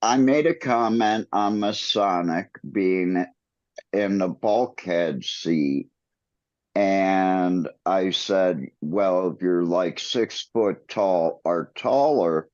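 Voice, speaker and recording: Deep-voiced male co-host, unhurried explainer, dull dry podcast audio. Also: a little mellow, no echo. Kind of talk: casual chat.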